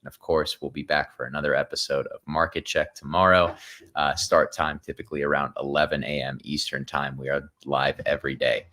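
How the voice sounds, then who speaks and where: Man, co-host, casual friendly sign-off, very deep voice, bright forceful tone. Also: fairly even intonation, normal speed. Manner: casual, friendly, filler-heavy. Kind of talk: livestream sign-off.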